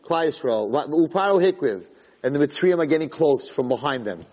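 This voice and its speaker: Animated high-voiced man teaching in a reverberant hall. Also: brisk. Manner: animated storytelling with dramatic quotes. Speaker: Torah teacher. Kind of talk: Torah class lecture.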